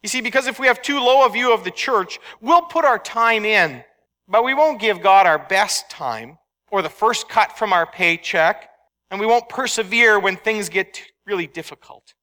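A man's voice: high voice, animated, moderate pace, sharp tone. A man preaching a conversational, emphatic sermon, telling anecdotes to a church congregation. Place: church sanctuary. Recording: long hall reverb.

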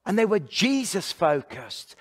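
A man's voice: high-pitched, sing-song, a little slow, a bit bright, long reverb tail. A man who is a pastor and evangelist, preaching a sermon in an earnest storytelling way, building up repeated lists of phrases.

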